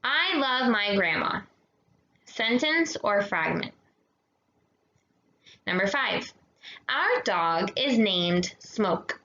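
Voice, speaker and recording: A young woman teaching a grammar lesson to kids, talking slowly and patiently, checking in with "okay?" and mixing in Spanish words. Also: mid-range voice, very animated, pushed and bright. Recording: echoey dull room sound.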